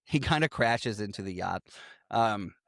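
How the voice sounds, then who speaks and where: A man in casual podcast chat, walking through a film's plot with jokes. His pitch swings widely as he acts out characters. The sound is dry and close to the mic. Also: measured pace, gravelly, no room sound. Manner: animated, laughing, acts out lines. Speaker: podcast co-host. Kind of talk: casual movie recap chat.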